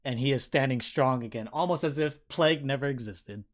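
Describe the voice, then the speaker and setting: A man's voice: medium pitch, brisk. A man running a tabletop game as dungeon master, narrating the fight play by play with sound effects and casual swearing.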